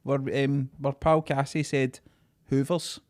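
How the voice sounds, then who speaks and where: A man's voice: medium pitch, little pitch movement, slow pace, a little mellow, dry recording, clean studio sound. A man with a Glaswegian accent, co-hosting a podcast in laid-back, wry and sweary casual banter. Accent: Scottish, Glaswegian. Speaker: podcast co-host.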